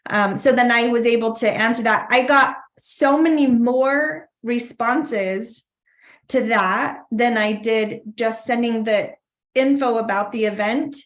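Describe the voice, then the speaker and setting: Chatty woman with a higher voice. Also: measured pace. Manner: chatty, acts out sample invitations. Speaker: event organizer sharing tips. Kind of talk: casual planning meeting.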